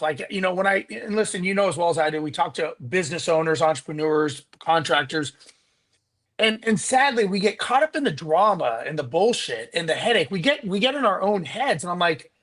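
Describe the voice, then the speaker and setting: A man being interviewed as a business coach, animated and profane, rambling with lots of restarts and "like.". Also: high-pitched. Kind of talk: casual interview chat.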